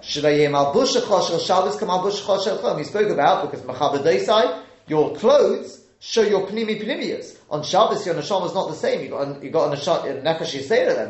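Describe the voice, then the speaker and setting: A man's voice: fairly high pitch, lo-fi sound. A man teaching a live Torah class, acting out the speakers he quotes and often correcting himself mid-sentence. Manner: lively, dramatizes quoted speakers, frequent self-corrections. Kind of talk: live Torah study lecture. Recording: roomy echo.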